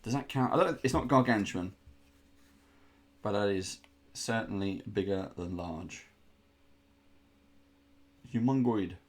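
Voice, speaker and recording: A man's voice: on the low side, slow pace, long pauses. A man hosting a casual unboxing indoors, chatty and rambling, with playful groans of disgust. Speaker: host unboxing miniatures.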